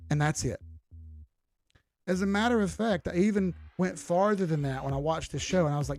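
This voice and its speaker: A man's voice: high-pitched, a little fast. A man hosting a live stream, talking bluntly and lecturing his viewers in a casual rant. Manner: blunt, lecturing, acts out quoted people. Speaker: livestream host talking investing. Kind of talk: casual ranting monologue.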